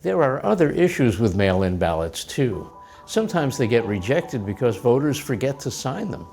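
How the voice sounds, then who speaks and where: A man from the United States explains things in an even, plain way, with light chuckles between remarks. His voice sits at a medium pitch. Soft music plays quietly behind. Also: moderate pace, gravelly. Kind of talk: scripted lesson dialogue.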